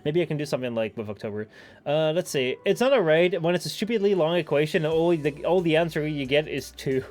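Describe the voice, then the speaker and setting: A man's voice: expressive, fast, a little mellow. A young man with a Dutch accent chatting casually with his live stream audience, rambling with lots of "like" and frequent laughs. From Netherlands. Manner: rambling, lots of "like", laughs often, sudden high squeaky bits.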